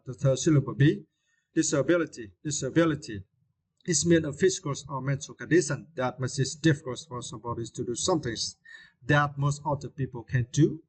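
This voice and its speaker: A man in the middle pitch range gives an English vocabulary lesson, pausing often on fillers and checking in with tag questions. He says each word again and again, slowly, to show where its stress falls. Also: breathy edge, poor audio. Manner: repeats words slowly to model stress.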